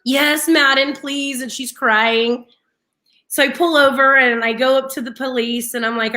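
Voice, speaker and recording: Bright, high-voiced chatty woman host. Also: a little slow. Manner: animated, laughs often, slips into quoted voices. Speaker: radio show co-host. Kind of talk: casual morning-show storytelling.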